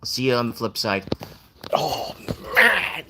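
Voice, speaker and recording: A man's voice: medium pitch, very animated, measured pace, noisy background. A man hosting a casual livestream, chatting loosely and reading viewer comments aloud.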